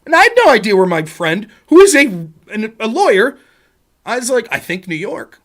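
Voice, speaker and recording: A man's voice: extremely high pitch, very animated, brisk, fairly bright tone. A man hosting a livestream, ranting in a sarcastic, profane way. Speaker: streamer host.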